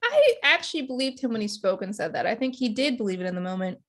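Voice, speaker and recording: A woman's voice: a little high, fast. A woman co-hosting a casual show recap, chatting animatedly and acting out quotes. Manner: animated, acts out quotes in playful voices. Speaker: podcast co-host.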